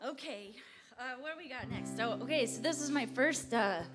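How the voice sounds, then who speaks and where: A woman's voice: sits high, moderate pace, a bit bright, faint music behind. Woman, from Texas, singer-songwriter, casual stage banter, rambling storyteller, laughs at herself. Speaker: singer-songwriter performing live. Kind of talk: chatty stage banter between songs. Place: live music venue with audience.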